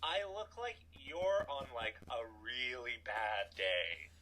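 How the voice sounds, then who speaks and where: A man in his thirties telling a personal story in a casual, animated way, full of "like" and asides. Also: mid-range voice, takes it slowly, low-quality recording. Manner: animated, chatty, filler-heavy "like". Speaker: storytelling guest.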